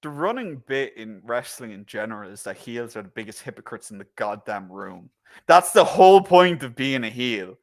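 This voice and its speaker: A man's voice: mid-range voice, moderate pace. An Irish man chatting casually as a guest wrestling pundit, going off on tangents and swearing freely. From Ireland. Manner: animated, swearing, restarts and tangents. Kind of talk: casual podcast chat.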